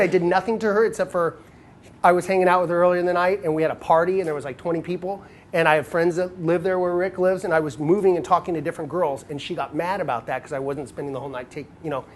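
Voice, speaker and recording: A man coaching other men on dating, telling stories and acting out quoted lines in a casual, animated way. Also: fairly high pitch, slight background noise. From United States.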